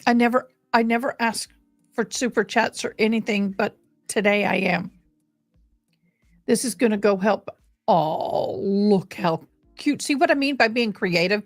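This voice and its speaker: A woman's voice: medium pitch, measured pace, soft background music. A woman chatting casually and affectionately as she hosts a live stream fundraiser, gushing over details while showing a game.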